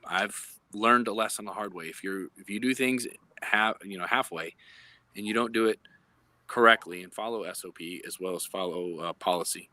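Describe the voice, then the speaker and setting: Bright-toned lower-voiced lawman explaining. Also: moderate pace, no echo. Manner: earnest, explanatory, searching for words. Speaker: law enforcement guest. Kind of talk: live online chat. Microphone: phone.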